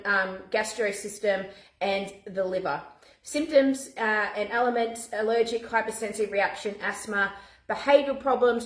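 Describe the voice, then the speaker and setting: A woman, chatting casually to camera as a mum vlogger, animated and talking in quick bursts with restarts. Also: fairly high pitch. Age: 40s. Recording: echoey room.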